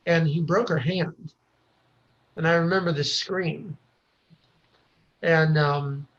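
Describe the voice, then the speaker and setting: A man from the United States telling a personal story as a podcast guest, halting often with pauses and restarts. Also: fairly high pitch. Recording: dull lo-fi recording.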